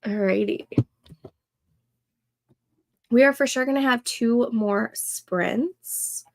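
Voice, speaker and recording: A young woman hosting a casual co-working livestream, thinking aloud and reading chat comments in a soft, soothing voice. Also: on the high side, slow pace, gravelly, no echo. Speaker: livestream host.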